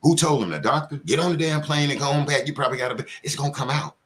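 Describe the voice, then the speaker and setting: A man's voice: fairly high pitch, rapid-fire. Angry profane man ranting on a live show. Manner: angry, profane, animated, mocking with put-on quotes. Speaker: commentary show host. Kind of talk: heated live commentary rant.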